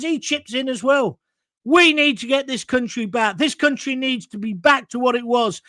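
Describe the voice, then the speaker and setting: A man's voice: very high-pitched, a bit bright, dry recording. A man hosting a talk show, ranting bluntly and sarcastically about politics and answering viewer comments.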